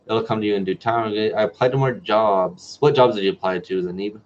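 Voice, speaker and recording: A man's voice: lowish voice, quick pace, slight background noise. A man in his twenties from New Mexico hosting a casual livestream Q&A as a medical student, chatty, reading viewer comments aloud and answering them. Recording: dull lo-fi livestream audio.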